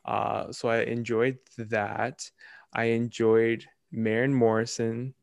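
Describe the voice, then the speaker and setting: A young man co-hosting a podcast in casual chat, talking in quick, animated bursts and laughing often. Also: mid-range voice, vocal fry, no room sound. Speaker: podcast co-host.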